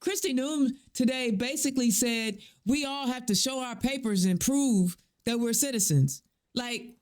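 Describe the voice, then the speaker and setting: A man from Indiana hosting a casual political talk show, animated and rising in pitch when indignant. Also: a little slow. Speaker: host.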